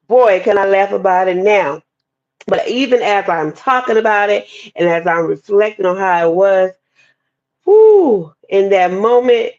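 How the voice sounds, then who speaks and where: Woman, mid-pitched voice, animated testimony storyteller, muffled podcast audio. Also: a little slow, vocal fry. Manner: lively, expressive, addresses listeners as y'all. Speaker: guest speaker sharing testimony.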